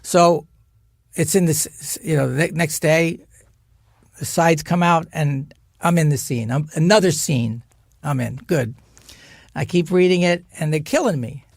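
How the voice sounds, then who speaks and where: Animated storytelling man, high voice. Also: a little slow, creaky, pauses often, no echo, clean studio sound. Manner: animated, acts out quotes in a higher voice, laughs often. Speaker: guest actor telling stories. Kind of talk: casual storytelling chat.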